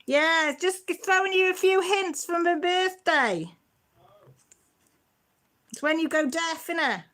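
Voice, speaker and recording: A woman's voice: very high voice, slow, fairly bright tone. A middle-aged woman, hosting a casual livestream and chatting and teasing as she answers viewer comments. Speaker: channel host.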